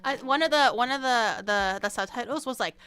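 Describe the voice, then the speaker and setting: Young woman streamer, bright and slightly high voice, loose self-mocking chat, faint music underneath. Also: fairly quick, clear, resonant tone. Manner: rambling, self-mocking, laughs often. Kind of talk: casual chat to viewers.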